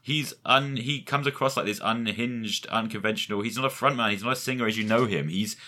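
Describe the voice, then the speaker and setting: A man's voice: fairly low pitch, a little fast, bright, forceful tone. A man co-hosting a casual music chat, enthusiastic and reflective. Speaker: podcast co-host.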